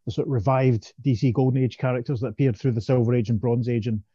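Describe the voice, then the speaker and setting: Man, podcast co-host, mellow tone, dry close sound, dull lo-fi quality, laughs a lot. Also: medium pitch, fairly even intonation, quick pace, husky, no echo. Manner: chatty, laughs often, many restarts. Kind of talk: casual chat.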